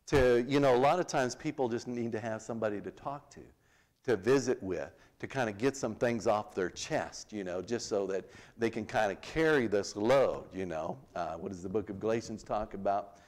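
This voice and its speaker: A man's voice: on the low side, moderate pace, darkish tone. A man teaching a church Bible class in a conversational way, reading scripture aloud and then paraphrasing it in plain talk.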